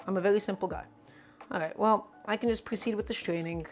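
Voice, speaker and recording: Talking fast at a medium pitch, this woman cooks on a live stream and jokes with her audience. She plays up little irritations in a mock-dramatic, playful grumble.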